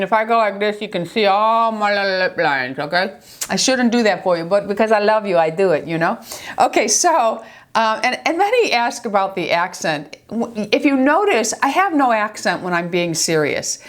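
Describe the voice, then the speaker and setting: A woman's voice: mid-range voice, fairly bright tone. An older woman from New York with a New York accent, giving a chatty, affectionate makeup tutorial and often checking in with her viewers. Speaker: beauty vlogger.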